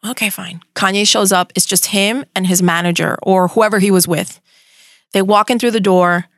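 A middle-aged woman from tells a story as a guest in a casual interview. She speaks quickly and with animation, swears freely and mixes in Spanish words. Her voice sits at an average pitch and sounds dry and close to the mic. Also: steady tone, no room sound. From Miami. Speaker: radio host as guest.

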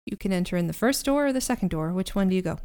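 Game master, woman, smooth resonant voice, easygoing narration. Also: medium pitch, expressive, racing, darkish tone.

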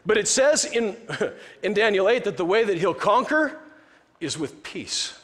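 A man's voice: sits high, animated, a little slow, fairly bright tone. Man preaching in a reverberant hall. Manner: conversational, joking preaching with frequent restarts. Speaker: pastor. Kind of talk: sermon.

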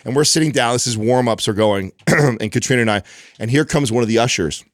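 A man co-hosting a podcast, telling a lively, profane anecdote in casual chat. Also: mid-range voice, fairly quick, no room sound, studio quality. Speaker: podcast co-host.

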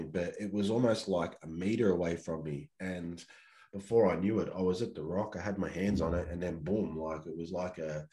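Deep-voiced laid-back Australian man. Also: darkish tone. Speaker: podcast guest. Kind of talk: casual storytelling.

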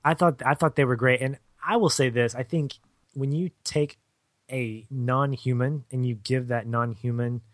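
A man chats casually as a podcast co-host, thinking aloud in a measured, sometimes hesitant way. His voice is of middle pitch, and the recording is dry and close. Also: no echo.

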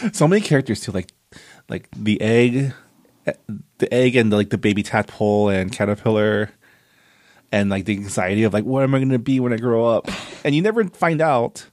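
A man's voice: medium pitch, lively intonation, moderate pace, darkish tone, no echo, studio quality. A man in casual book chat, giving short replies and laughing often. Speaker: book discussion co-host.

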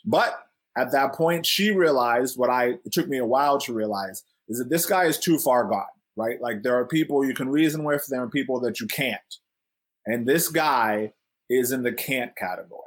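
A man's voice: medium pitch, moderate pace. Man telling a childhood story. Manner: animated, acts out quotes, laughs often. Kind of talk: casual storytelling.

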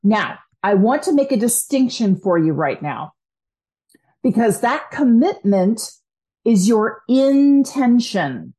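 An energetic woman delivers a motivational self-help talk as host, addressing the listener directly. Her voice sits a little high and leaps even higher when she acts out what people think or say. She keeps the tone upbeat and encouraging throughout. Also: slow. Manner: acts out quoted inner voices with big pitch jumps. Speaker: podcast host and coach.

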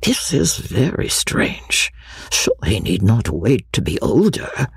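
A woman's voice: sits low, huge pitch swings, measured pace, darkish tone, breathy edge, dry recording, clean studio sound, heavily acted. A woman reading an audiobook, voicing a chatty, gossipy older widow who exclaims effusively. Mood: astonished.

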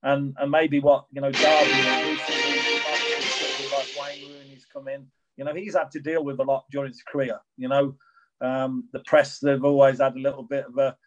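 A man's voice: mid-range voice, level tone, normal speed, fairly bright tone, soft background music, rough recording. A middle-aged man, a former footballer, answering interview questions in a rambling way with many restarts. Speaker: former professional footballer guest.

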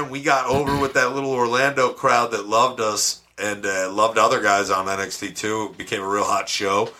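Brash, lower-voiced man telling stories. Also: brisk, hardly any pauses. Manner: brash, profane, animated storyteller. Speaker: podcast guest. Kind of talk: casual storytelling.

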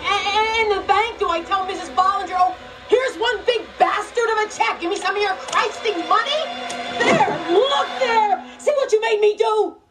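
An actress playing a prim, obsessive middle-aged woman fan who refuses to swear and keeps building toward outraged shouting. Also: very high-pitched, moderate pace. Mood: indignant. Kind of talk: film drama acting.

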